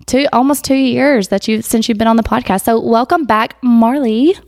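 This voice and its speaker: A woman hosting a casual podcast interview on a phone mic, chatty and quick to laugh, her voice a little worn from a recent illness. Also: a little high, darkish tone, dry recording, clean studio sound. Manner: chatty, laughs often, says y'all. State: recovering voice after illness. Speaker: podcast host. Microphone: iPhone.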